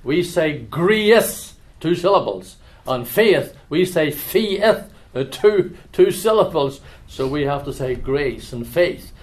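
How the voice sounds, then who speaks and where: A man with an Ulster accent preaching in a church, chatting with anecdotes and then reading scripture in a measured, solemn way. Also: a little high, expressive, darkish tone. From Northern Ireland.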